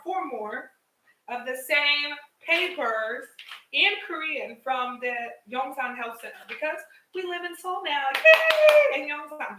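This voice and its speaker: A young woman with a high, bright voice talks through a casual vlog in an animated, chatty way, laughing often and speaking straight to her viewers. She speaks into a headset mic, and the sound sits back in an echoey room. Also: far from the mic, slight background noise. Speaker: vlogger.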